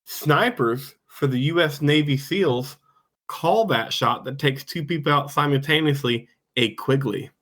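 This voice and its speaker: A man's voice: fairly high pitch, unhurried, a bit bright. A man hosting a movie podcast, reading trivia and chatting casually with some swearing. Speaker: podcast host.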